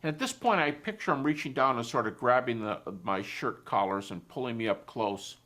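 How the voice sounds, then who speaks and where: A man, a Christian philosopher, giving a personal testimony talk in a reflective, soft-spoken way, retelling conversations as dialogue. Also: mid-range voice, a little fast.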